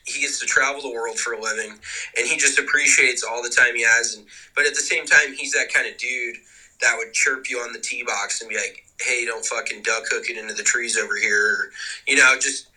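A man's voice: medium pitch, fairly even intonation, brisk, pushed and bright, husky, low-quality recording. A man co-hosting a podcast, chatting casually and teasing about golfers, with loose, profane banter over a remote call. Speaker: podcast co-host. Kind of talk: casual chat. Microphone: remote call mic.

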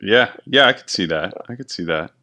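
A man with a very deep voice co-hosts a relaxed sports chat. He teases his partner in a dry, offhand way. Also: fairly quick. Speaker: podcast co-host.

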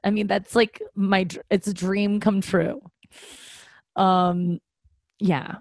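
A woman's voice: mid-range voice, level tone, takes it slowly, creaky, a little mellow, no room sound. A woman hosting a podcast, talking in a casual confessional way, rambling with many fillers and restarts, candid and self-mocking. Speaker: podcast host.

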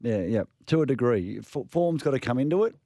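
An Australian man co-hosting sports radio, talking through his views in a halting, thoughtful way. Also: mid-range voice, expressive, mellow, no room sound, clean studio sound. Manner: halting, restarts words, thoughtful. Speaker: radio sports co-host, former player. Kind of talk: casual sports radio chat.

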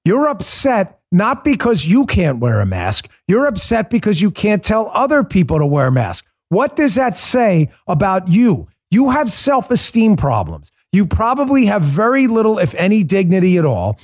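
A man's voice: high-pitched, wildly swooping pitch, moderate pace, few pauses. A man hosting a political podcast, delivering a combative, mocking monologue.

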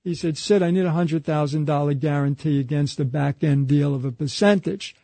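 A man with a high-pitched voice spins a long anecdote in an interview, passing it along through a string of quoted exchanges. His voice sounds dry and close, with no room around it. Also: moderate pace, creaky, warm tone, no echo. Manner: retells a story through a chain of quoted dialogue, repeating "he said". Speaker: interview guest. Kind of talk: conversational storytelling anecdote.

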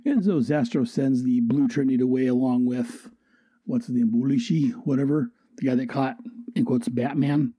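A husky man with a very dark, mellow tone rambles happily through a comic book review. He talks casually, repeats himself and corrects his phrasing as he goes, clearly enjoying the story. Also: mid-range voice, normal speed, no room sound. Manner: rambling, enthusiastic, self-correcting.

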